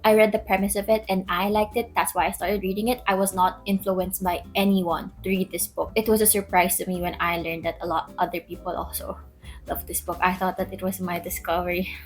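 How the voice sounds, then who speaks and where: Chatty Filipino woman book vlogger. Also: medium pitch. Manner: chatty and giggly, playful code-switching. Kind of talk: casual sit-down book review chat.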